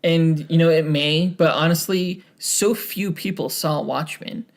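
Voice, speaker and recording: Gravelly-voiced man chatting casually. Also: a little high, steady tone. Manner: halting, many fillers and restarts. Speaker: podcast co-host. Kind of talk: casual podcast chat.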